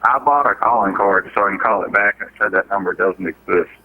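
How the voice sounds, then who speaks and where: A man tells rambling, profane, joking stories in a relaxed podcast chat. His voice sits fairly low. The recording is dry and narrow, like a phone line. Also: fast, no echo. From Alabama. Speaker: podcast co-host. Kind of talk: casual chat.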